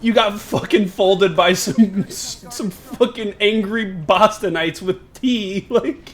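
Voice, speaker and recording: A man's voice: high-pitched, slow. A young American man hosting a casual gameplay session, brash and profane, laughing often. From United States. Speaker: gaming channel host.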